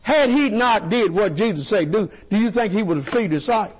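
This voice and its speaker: A man preaching a sermon, animated and repetitive, asking the congregation questions and stumbling over words. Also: high voice, moderate pace, breathy edge. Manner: animated call-and-response preaching, repeats and stumbles.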